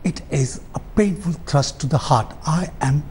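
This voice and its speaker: A man's voice: fairly high pitch, normal speed, darkish tone, slight background noise. A man, a debate guest speaking in an impassioned, aggrieved way. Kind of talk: political debate.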